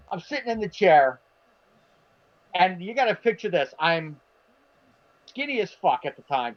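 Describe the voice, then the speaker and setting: A man telling a long anecdote in casual podcast chat, animated, acting out the people he quotes and swearing freely. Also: high voice. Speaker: podcast co-host. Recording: dull lo-fi stream audio.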